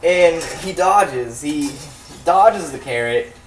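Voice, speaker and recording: A young man tells a meandering, swear-filled story as relaxed game commentary. His voice sits a little high, and he sounds set back from the mic in a roomy, echoing space with faint background hiss. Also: unhurried. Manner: rambling, profane, laughing asides. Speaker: let's play commentator. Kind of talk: casual storytelling over gameplay. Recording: echoey room, mic at a distance.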